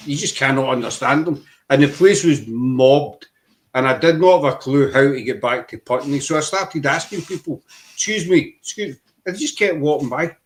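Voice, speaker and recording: Chatty Glaswegian man telling stories. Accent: Glaswegian Scottish. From Glasgow, Scotland. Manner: rambling storyteller, lively swings in pitch. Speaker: podcast guest. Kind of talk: casual chat.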